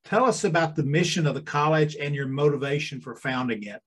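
A man's voice: fairly high pitch, fairly quick, slightly rough. A man hosting a podcast, reading a formal scripted guest introduction and then asking questions with some hesitation. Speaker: podcast host.

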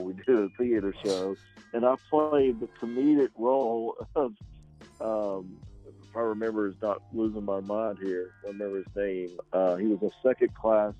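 A man's voice: on the low side, darkish tone. A male actor being interviewed, speaking casually and hesitantly, with many ums and restarts. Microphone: radio show microphone. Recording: dull, lo-fi sound.

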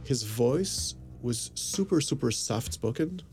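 Gravelly mellow guy rambling thru a story, lots of likes and you knows, faint music under. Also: mid-range voice, lively intonation, slow. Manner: rambling, many fillers and quoted dialogue. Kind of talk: casual anecdote. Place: Los Angeles area.

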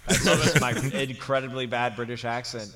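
Brief: deadpan male co-host, mid pitch, crowd noise underneath. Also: moderate pace. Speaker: podcast co-host. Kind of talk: casual podcast banter.

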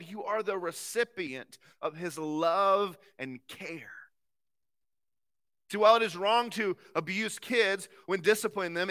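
Earnest bright-voiced male pastor preaching. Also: sits high. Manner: earnest, swinging from forceful to very soft. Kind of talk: sermon.

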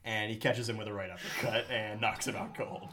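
A man's voice: on the low side, steady tone, fairly quick, sharp tone. A man hosting a podcast in casual chat, chatty and rambling, laughing often. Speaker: podcast host.

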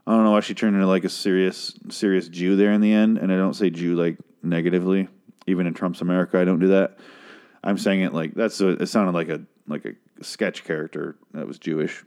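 Rambling, profane man with a lowish voice. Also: fairly even intonation, fairly quick, a little mellow, clear, resonant tone. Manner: rambling, profane, restarts a lot; mimics characters in a raised voice. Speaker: TV episode recapper. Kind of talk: casual episode recap.

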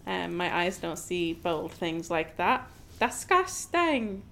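A woman's voice: fairly low pitch, flat delivery, slow pace, gravelly. A woman co-hosting a podcast, chatting casually and playfully about a film, often laughing. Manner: giggly, playful, jokey. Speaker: podcast co-host. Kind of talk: casual film-review chat.

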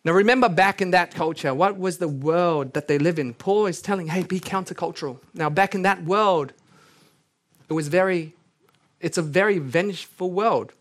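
This male pastor has a high voice and talks at an ordinary pace while delivering an earnest sermon. Between his heartfelt points he slips in jokes, and when he reads scripture aloud his intensity keeps rising.

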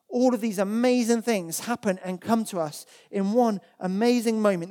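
The voice belongs to a preacher in a church, medium in pitch, mellow and darker-toned. He preaches with earnest emphasis, driving points home through repetition and reading aloud from the Bible.

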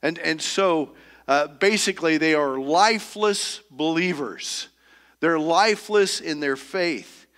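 A middle-aged man preaching a sermon as pastor, earnest and halting, often repeating words as he searches for the next phrase. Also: fairly high pitch, a bit bright. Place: church sanctuary. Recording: long reverb of a church hall.

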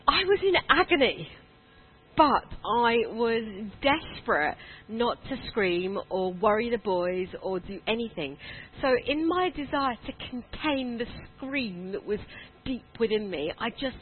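Southern english woman preaching, fun storyteller, bit high voice, tinny phone-ish sound. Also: unhurried. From southern England. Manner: lively, self-deprecating storyteller. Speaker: guest preacher. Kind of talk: sermon with personal storytelling.

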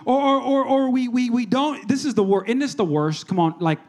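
In a church, a male pastor delivers a casual, conversational sermon, shifting from hushed prayer to animated storytelling. His voice is very high-pitched and his delivery brisk.

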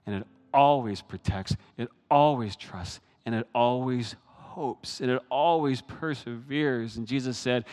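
A man preaching a sermon, animated, swinging from hushed asides to loud, high bursts. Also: unhurried, hardly any pauses, in a large hall. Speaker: pastor.

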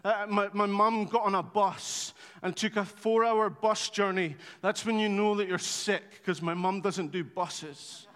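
A man preaching a sermon, telling stories in an animated, conversational way with touches of humour. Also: high-pitched, a little slow, few pauses, smooth. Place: church hall. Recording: long hall reverb.

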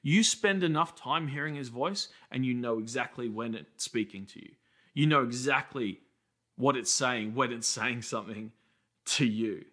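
Australian man, pastor, preaching a sermon, storytelling, medium pitch, bright tone. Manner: conversational storytelling preacher, quick asides.

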